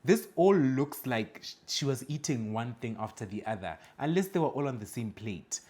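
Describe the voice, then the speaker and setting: A man's voice: medium pitch, lively intonation, normal speed, darkish tone. A man hosting a reaction video, giving blunt, judgmental commentary and lecturing his viewers.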